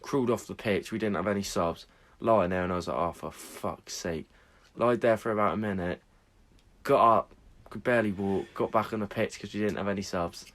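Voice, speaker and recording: Casual podcast co-host, male, low-ish voice, sweary storyteller. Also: a little fast, fairly bright tone. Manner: sweary, storytelling, laughs often. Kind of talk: casual chat.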